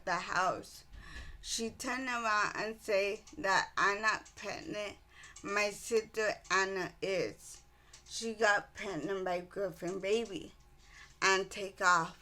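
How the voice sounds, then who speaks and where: Book reviewer, female, unhurried delivery, bright edge; rambling casual recap full of restarts. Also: medium pitch. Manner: rambling retelling with many ums and restarts.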